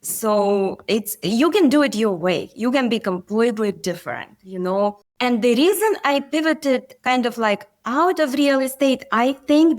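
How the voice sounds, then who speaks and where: A woman's voice: on the high side, a little mellow. A middle-aged woman, a physician and coach, telling stories earnestly in a podcast interview. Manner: earnest, storytelling, occasional grammar slips.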